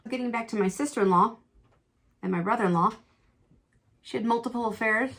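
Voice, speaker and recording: A middle-aged woman chatting through a makeup tutorial, candid and quick to exclaim, telling a personal story as she works. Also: mid-range voice, fairly bright tone. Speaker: beauty vlogger.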